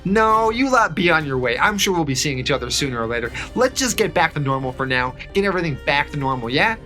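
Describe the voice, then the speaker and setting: Gruff blunt boss, brisk brush-off, bright, by a man. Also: a little high, big pitch swings, soft background music. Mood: brusque. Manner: brusque, dismissive.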